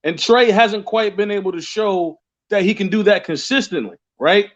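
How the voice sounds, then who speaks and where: A man with a high-pitched voice talks casually as a caller, circling back on himself and repeating words as he goes. The audio is muffled and lo-fi. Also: normal speed. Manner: rambling, repeats words and restarts often. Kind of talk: casual call-in chat.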